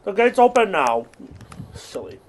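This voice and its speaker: A young man giving rambling, absurd deadpan commentary while playing a video game. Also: high-pitched, unhurried. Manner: rambling deadpan non-sequitur jokes. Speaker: gaming streamer. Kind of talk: absurd comedic gameplay commentary.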